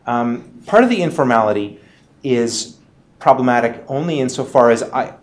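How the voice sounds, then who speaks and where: A man's voice: mid-range voice, expressive, normal speed. A middle-aged man, a medical lecturer, talking casually on a panel, conversational with frequent restarts. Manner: conversational, frequent restarts and quoted student questions.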